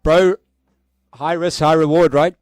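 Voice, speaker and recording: A man chatting casually to his viewers during a live stream, excitable and laughing, swearing freely and using street slang. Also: on the high side, a little slow, no room sound, studio quality. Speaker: livestreaming forex trader.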